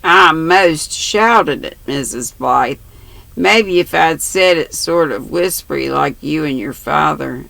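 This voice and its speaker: A grandmother voicing an earnest, shy and blunt little boy who talks gravely in a storybook reading. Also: deep voice, takes it slowly, a bit bright, no room sound, exaggerated voice.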